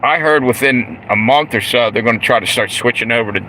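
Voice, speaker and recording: In a brisk, sharp, ordinary mid-range voice, the live streamer rambles profanely into his handheld phone, reading out chat and chuckling at his own asides. He's parked with the air conditioning on, and the engine and AC hum come through clearly on the noisy recording.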